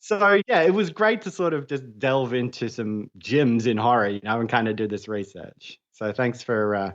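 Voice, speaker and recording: A man with an Australian accent, chatting casually as a guest correspondent on a podcast, laid-back and quick to laugh. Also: mid-range voice. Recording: slightly dull lo-fi audio.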